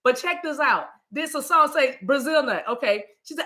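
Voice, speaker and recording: A woman hosting a spiritual live stream in casual talk, animated and playful, breaking into chant-like sounds. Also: high voice, normal speed, hardly any pauses.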